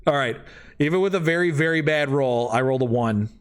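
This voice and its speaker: A man's voice: medium pitch, brisk, noisy background. A man narrating a tabletop game as game master, loose and rambling with many fillers.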